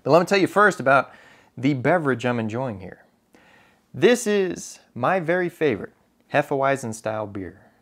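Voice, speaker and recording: A young man with an American accent chats to his camera, loose and self-deprecating, dropping ums and uhs as he goes. His voice sits in an ordinary middle pitch. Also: big pitch swings, normal speed, fairly bright tone. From United States. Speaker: photography YouTuber. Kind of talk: casual chat to camera.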